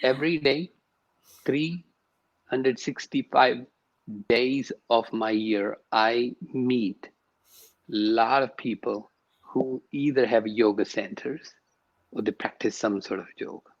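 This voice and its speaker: A man's voice: medium pitch, steady tone, takes it slowly, pauses often, lo-fi sound. A man, a yoga and sound teacher, speaking emphatically as a guest in an interview and repeating words to stress his points. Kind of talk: interview conversation.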